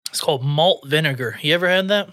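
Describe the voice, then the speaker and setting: A podcast co-host with a bright, fairly high voice, talking loosely and peppering his stories with swearing and laughter. The sound is close and dry, with no room around it. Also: quick pace, no room sound. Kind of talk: casual chat.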